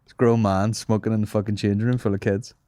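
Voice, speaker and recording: A man's voice: lowish voice, little pitch movement, quick pace, warm tone, dry recording, studio quality. A man hosting a podcast, bantering crudely, swearing a lot and laughing often. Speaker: podcast host.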